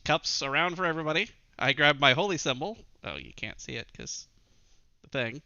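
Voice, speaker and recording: A man's voice: fairly high pitch, very animated, brisk, vocal fry, bright, forceful tone, smooth, no echo, muffled recording. A man playing his character in a tabletop game, speaking in a made-up put-on accent. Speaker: player. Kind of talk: in-character tabletop role-play.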